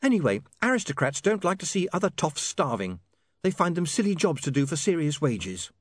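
A man voicing a sharp, indignant young working woman who lectures in a heated, snappy way. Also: fairly high pitch, sing-song, fairly quick, breathy edge, no echo, pitched above the performer's own voice.

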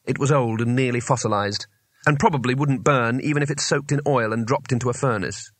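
A man narrating an audiobook in a lively storytelling manner. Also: mid-range voice, fairly quick, dry recording. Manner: animated, varied storytelling.

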